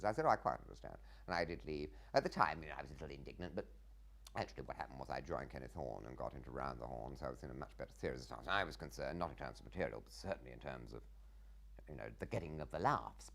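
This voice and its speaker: A man's voice: rumbling low, vocal fry. An English man in his fifties telling stage stories in an interview, theatrical, breaking into mimicking voices and laughing often. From England. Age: 50s. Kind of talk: anecdotal interview storytelling.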